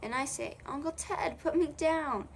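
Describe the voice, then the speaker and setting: A woman's voice: sits high, a little slow, a little hiss or hum. A young woman reading a children's novel aloud in a casual way, correcting her own slips as she goes. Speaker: audiobook reader.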